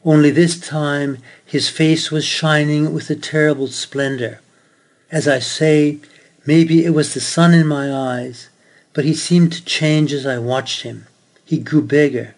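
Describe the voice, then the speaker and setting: A man's voice: fairly high pitch, fairly even intonation, slow. A man preaching a sermon, telling a story earnestly and then reading scripture aloud.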